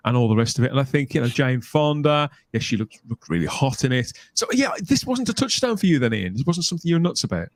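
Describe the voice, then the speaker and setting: A man's voice: medium pitch, big pitch swings, fast, few pauses, dry recording. Brummie guy hosting a live stream, chatty and jokey, dry close sound, middle-aged. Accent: Birmingham. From England. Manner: chatty, jokey, reads out viewer names. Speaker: host. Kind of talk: casual live-stream chat.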